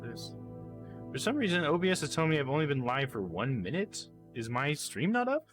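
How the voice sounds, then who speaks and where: A man's voice: fairly high pitch, very animated, a little fast, over music. A man live-streaming a game, chatting with viewers and reading the game's text aloud.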